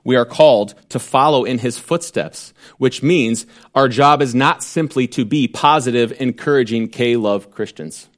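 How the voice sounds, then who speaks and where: A man's voice: medium pitch, unhurried, few pauses. A man preaching a sermon, emphatic and direct, with rhetorical questions and wry asides.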